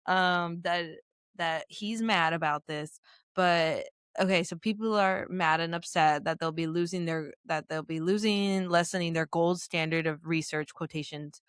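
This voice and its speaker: Inquisitive low-voiced woman co-host. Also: fairly even intonation, unhurried, smooth, no echo, studio quality. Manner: inquisitive, presses for plain answers. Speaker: podcast co-host. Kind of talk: casual podcast discussion.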